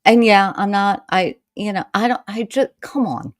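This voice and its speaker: A woman's voice: medium pitch, lively intonation, normal speed, no echo. A woman from Maine hosting a casual solo podcast, chatting and rambling straight to her listeners and getting heated as she rants. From Maine, USA. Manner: gets heated and exasperated when ranting. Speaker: podcast host.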